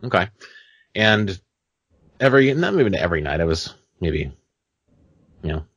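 A young man tells stories on a casual podcast, his fairly low voice swinging widely in pitch as he acts out his own panicked shouts. He swears freely and talks in a loose, rambling way. The sound is dry and close. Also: very animated, moderate pace, slightly rough, no room sound, muffled recording. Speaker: podcast co-host.

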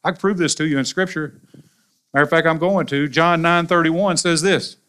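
A pastor with a Southern US accent preaching a sermon in a folksy, animated way with colloquial asides. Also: male voice, mid-range voice, clear, resonant tone. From American South.

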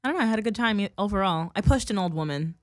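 A young woman rattles through a story at a quick clip, swearing freely as she gets worked up. Her middle-pitched voice is recorded dry and close, with no room sound. It sounds like casual podcast chat between friends. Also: expressive, no room sound. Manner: profane, heated storytelling; fast-talking. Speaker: podcast co-host telling a story.

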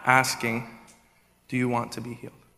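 A man's voice: mid-range voice, completely flat delivery, normal speed, pushed and bright. A man preaching a sermon as executive pastor, acting out prayers in a raised voice. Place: church sanctuary. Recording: reverberant church hall with music.

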